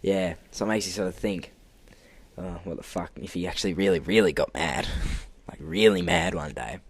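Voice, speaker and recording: A young man telling an animated work story on a podcast, acting out quotes and laughing often. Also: low voice, brisk, creaky, breathy edge, no echo. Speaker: podcast co-host. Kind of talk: casual storytelling.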